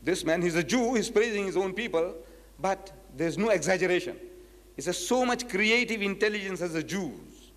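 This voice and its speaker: A man delivers a lecture in a slightly high, very lively voice. He reads passages from a book and drives his argument home with emphatic rhetorical questions. His voice carries a long echo, as in a large lecture hall. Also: normal speed. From South Africa. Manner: emphatic, rhetorical questions, acts out quoted speakers. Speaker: Islamic lecturer. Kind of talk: public lecture, reading quotes from a book.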